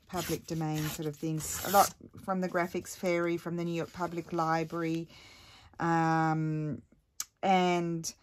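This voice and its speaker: A craft vlogger chats casually while making something at home, rambling through lots of ums and asides. Her voice is lowish, with a little hiss or hum in the recording.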